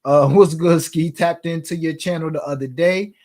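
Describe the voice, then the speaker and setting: A man's voice: a little high, fairly even intonation, moderate pace, a little mellow. A man hosting a sports betting talk show, chatting casually in slang and reading viewer comments aloud.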